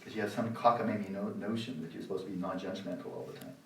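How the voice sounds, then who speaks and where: A man in his sixties giving a dharma talk at a meditation retreat, sarcastic and animated, acting out the inner voices of his students. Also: sits low, rapid-fire, very noisy. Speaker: meditation teacher. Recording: roomy hall, voice from the mic's distance.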